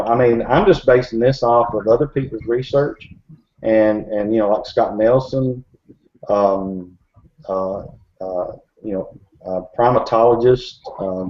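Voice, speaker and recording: A man chatting casually in a group discussion, rambling with many fillers and restarts. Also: fairly low pitch. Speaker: Bigfoot researcher in a group discussion. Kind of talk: casual chat. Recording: dull lo-fi recording.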